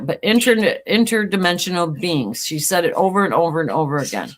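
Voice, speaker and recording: A woman co-hosting a casual talk show, speaking in an animated way with frequent restarts. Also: fairly low pitch. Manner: animated, laughing, talks through ideas in restarts. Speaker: co-host.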